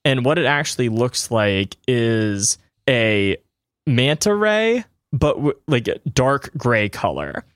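A male game master narrates a tabletop scene at a middling pitch, feeling his way through the description with hedges and loose phrasing. The sound is dry and close, with no room in it. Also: animated, takes it slowly, few pauses, fairly bright tone, smooth, dry recording. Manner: descriptive, hedges often with "I think" and "kind of".

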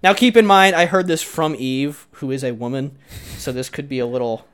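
A man's voice: a little high, normal speed, a bit bright, clean tone. Wry young man telling party stories. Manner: wry, storytelling, crude jokes. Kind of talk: casual chat.

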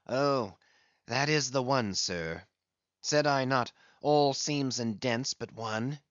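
A man reading an audiobook, voicing a weary, scarred old blacksmith who speaks quietly, low and resigned. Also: slow, no echo, highs cut off, lightly acted.

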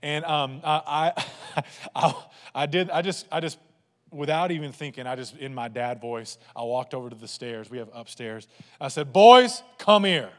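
A pastor preaching a sermon, telling funny family stories to his congregation in an animated way. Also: medium pitch, moderate pace, in a large hall. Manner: animated, humorous storytelling to a congregation.

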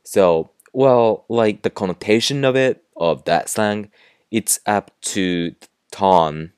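A young man with a Japanese accent hosting a casual podcast, explaining slang with relaxed fillers and self-corrections. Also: on the low side, slow, clean tone, no echo, studio quality. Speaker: podcast host teaching slang.

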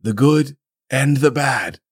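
A calm old wizard headmaster speaks in a hushed, gentle murmur, played by a man. The try at a British accent is soft and a little shaky. It is a comedic podcast read-through. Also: mid-range voice, takes it slowly, breathy edge.

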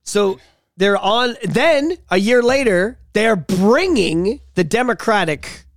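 A man's voice: sits high, animated, takes it slowly, a little hiss or hum. A man hosting a podcast, ranting in a heated, profane way in casual chat. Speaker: podcast host.

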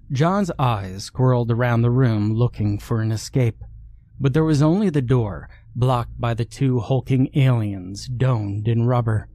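A man narrating a scripted horror story in a measured, hushed storytelling way. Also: mid-range voice, no echo.

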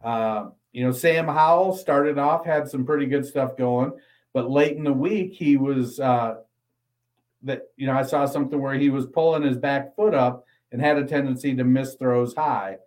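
A man co-hosting a casual football podcast, reading an ad and then giving steady analysis. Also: mid-range voice, low-quality recording. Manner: reads ad copy briskly, then analyzes steadily. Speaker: podcast co-host.

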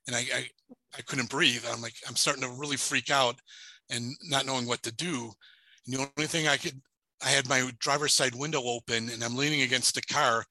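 A middle-aged man, a paranormal investigator, telling a personal story as a guest in an interview, halting and repeating words as he goes. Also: mid-range voice, pushed and bright, no room sound, low-quality recording.

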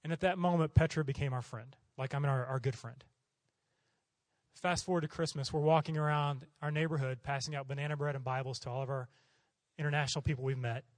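Fast and mid-range in pitch, this middle-aged man from Oklahoma preaches as a missionary, and the audio carries no room sound. In his storytelling sermon he animatedly plays out the voices of the people he describes.

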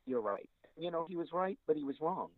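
A man with a fairly high voice talks fast with no echo, over a tinny, dry phone line. He's a voice actor appearing as a guest in a casual interview. He rambles, using lots of fillers and restarts.

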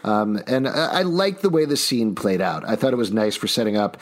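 Guy hosting a podcast, really animated pitch, chatty recap with jokes. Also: a little fast. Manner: lively, leads the recap with jokes. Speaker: podcast host. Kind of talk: casual podcast chat.

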